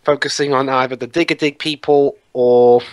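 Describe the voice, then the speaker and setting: Brief: man, mid-pitched, rambling casual commentary, dry close voice. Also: steady tone, normal speed, no room sound. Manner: rambling, stops and restarts his sentences. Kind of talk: casual movie commentary chat.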